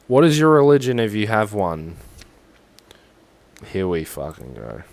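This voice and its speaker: Low-voiced, sweary Australian man. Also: big pitch swings, slow pace, vocal fry, long pauses, slight background noise. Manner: sarcastic, swearing, jokey rambling. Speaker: livestreamer. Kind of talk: casual livestream commentary.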